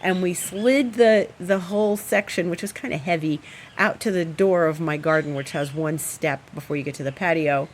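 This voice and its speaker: A woman astrologer host, at home, telling a story in a casual, animated and rambling way with fillers. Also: lowish voice, normal speed, slight background noise. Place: at home, indoors.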